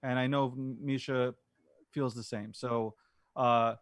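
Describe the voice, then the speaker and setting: A man's voice: mid-range voice, steady tone, slow pace, no room sound, studio quality. A man hosting an interview, talking casually in a loose, repetitive, slangy way that includes swearing. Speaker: host.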